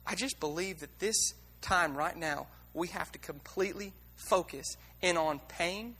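A man's voice: sits high, sharp tone, long reverb tail. A man preaching a sermon in a blunt, candid and emotional way, with many restarts and repeated words.

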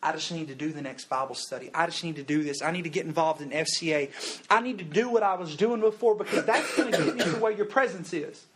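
A young man delivers a fervent revival sermon to a youth crowd. His voice sits high for a man, and a faint background hum runs beneath it. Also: quick pace, fairly bright tone. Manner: fervent, calls the crowd "guys". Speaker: youth preacher. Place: revival service.

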